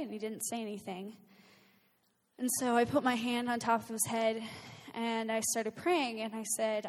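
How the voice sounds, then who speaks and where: A woman's voice: fairly high pitch, long reverb tail. A woman earnestly telling a personal story in casual speech, with many fillers and bursts of laughter. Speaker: guest recounting a personal experience. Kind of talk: casual spoken testimony.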